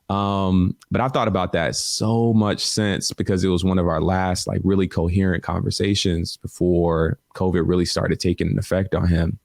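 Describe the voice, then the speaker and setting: Podcast guest, male, very low voice, dry close mic, emotional confessional storytelling. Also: fairly even intonation, normal speed, creaky, darkish tone, no room sound. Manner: emotional, repeats "man" and "like". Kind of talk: personal storytelling.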